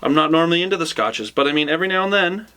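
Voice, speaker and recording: A man's voice: on the high side, animated, sharp tone. Joking man hosting a whiskey tasting. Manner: joking, reads tasting notes slowly. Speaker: show host. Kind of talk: casual whiskey tasting chat.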